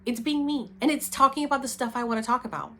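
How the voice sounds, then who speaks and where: Animated chatty woman vlogger, bright voice. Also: fast, slight background noise. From Puerto Rico. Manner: chatty, animated, swings from low murmurs to high excited bursts. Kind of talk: casual talking-head vlog.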